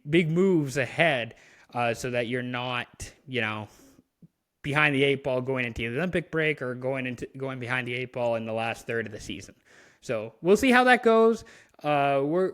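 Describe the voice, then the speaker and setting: Talking hockey as a podcast co-host, a man from Canada rambles casually, with frequent fillers and restarts. His voice is medium-pitched and a bit bright.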